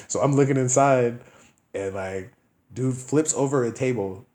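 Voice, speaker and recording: A man's voice: mid-range voice, fairly quick, reverberant. A man co-hosting a podcast, telling stories in casual chat, acting out quoted people in voices and laughing often. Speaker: podcast co-host.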